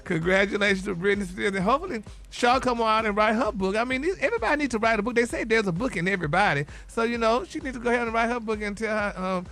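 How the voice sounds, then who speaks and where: A man's voice: sits high, fast talker, hardly any pauses, fairly bright tone. A man dishing celebrity gossip on a morning radio show, sassy and calling everyone honey and baby. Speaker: radio co-host, gossip segment.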